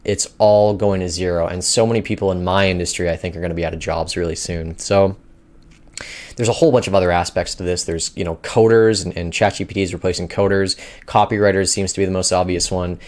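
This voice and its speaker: A man's voice: deep voice, fairly even intonation, quick pace, a little mellow. A man hosting a finance news show, talking in loose, rambling casual commentary with many fillers.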